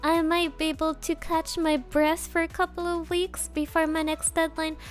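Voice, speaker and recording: A woman's voice: very high-pitched, little pitch movement, moderate pace, faint music behind. A woman VTuber chatting casually on a livestream, playful and bouncy, sniffly after crying, reading donations and dropping in Japanese words. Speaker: VTuber streamer.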